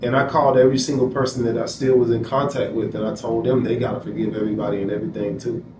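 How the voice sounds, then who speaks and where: A man's voice: mid-range voice, flat delivery, fast talker. Distant, echoey man telling his story. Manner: emphatic, repeats phrases, quotes himself. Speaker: interview guest. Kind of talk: candid personal storytelling. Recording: echoey room, distant mic, noisy.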